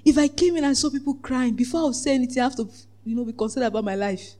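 A preacher giving a lively sermon, acting out the voices in the story, laughing often and asking the congregation whether they follow. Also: high-pitched, very fast. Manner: asks the congregation "Are we together?".

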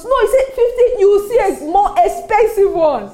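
A Nigerian woman pastor preaching a sermon, animated and often laughing between her points. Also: very high-pitched, normal speed. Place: church service with congregation responding.

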